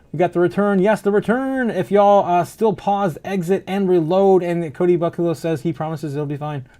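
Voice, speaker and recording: A man's voice: fairly high pitch, darkish tone. A man hosting a casual livestream, reading out chat comments and news with lots of fillers and frequent laughs. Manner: rambling, laughs often, many fillers. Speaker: crypto livestream host.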